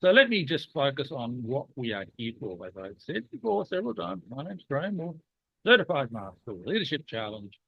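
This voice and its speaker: Very animated and brisk, this medium-pitched man has a cold, and his husky voice carries vocal fry. As a leadership program host in a casual podcast discussion, he's chatty and playfully teasing, on a dry, tinny phone-like line with no room sound.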